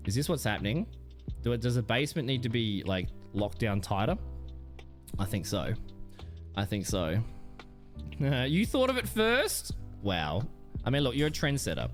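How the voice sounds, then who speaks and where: A young man chats on a live stream, teasing and thanking viewers in a loose, joking way. His voice sits at an ordinary pitch for a man but jumps high when he gets excited and drops low when he mutters to himself. Faint music plays quietly behind him. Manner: joking banter with chat, animated swings in pitch. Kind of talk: casual live-stream chat.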